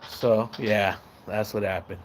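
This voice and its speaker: A man livestreaming, telling a long casual story in a rambling, profane way and acting out the shouts and voices of the people in it. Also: fairly low pitch, steady tone, slow pace, slight background noise. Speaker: live streamer. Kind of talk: casual storytelling on a live stream.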